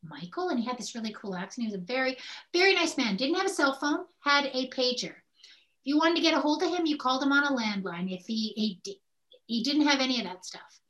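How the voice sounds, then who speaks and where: An older woman with a somewhat high voice chats candidly on a podcast. She tells her stories with animation, slipping into the voices of the people in them as she goes. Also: a little fast. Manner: animated storyteller who acts out quoted speech. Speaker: podcast co-host.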